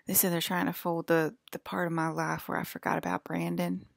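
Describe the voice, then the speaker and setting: A woman's voice: lowish voice, flat delivery, a little fast, gravelly, dry recording, clean studio sound. A woman talking in a casual, rambling monologue, full of "like" fillers and drifting from topic to topic. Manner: offhand, drifts between topics.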